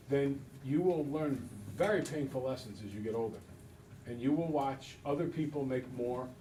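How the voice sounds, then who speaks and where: A man's voice: on the high side, distant mic, a little hiss or hum, low-quality recording. A man teaching a math class, talking to students and acting out little scenes as he goes. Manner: animated storyteller, acts out voices. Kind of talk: classroom lecture.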